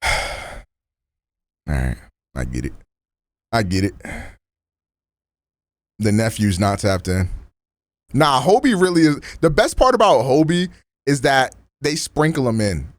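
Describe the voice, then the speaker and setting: A man's voice: medium pitch, very animated, measured pace, long pauses, no room sound. Slangy casual male streamer. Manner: loose and slangy, lots of "like" and restarts.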